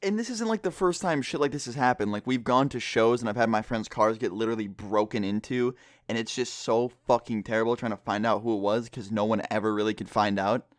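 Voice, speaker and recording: A man's voice: fairly low pitch, brisk, no room sound, studio quality. A young man telling a story on his vlog, keeping his voice down indoors, casual and full of swearing and filler words. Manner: speaks quietly, holding his voice down; loose and profane, lots of filler words. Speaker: vlogger. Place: indoor room with people next door.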